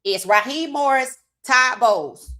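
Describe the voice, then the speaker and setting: A woman hosting a live sports talk stream, reading viewer comments aloud and reacting with animated opinions, her voice worn from hours of streaming. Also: high voice, a little slow. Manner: animated, talks straight to chat, reads comments aloud. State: losing her voice.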